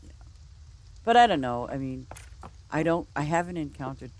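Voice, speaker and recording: A woman's voice: sits low, expressive, normal speed, a little mellow. Rambling woman streamer telling stories. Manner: rambling, lots of "you know" and restarts. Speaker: game streamer. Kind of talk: casual storytelling chat.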